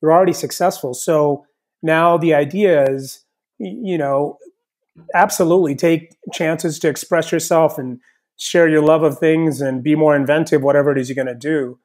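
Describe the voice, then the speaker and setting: Relaxed man, a bit higher voice. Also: moderate pace. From south India, raised partly in the US. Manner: relaxed, thoughtful, frequent "you know". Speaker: guest chef and author. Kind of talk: casual interview conversation.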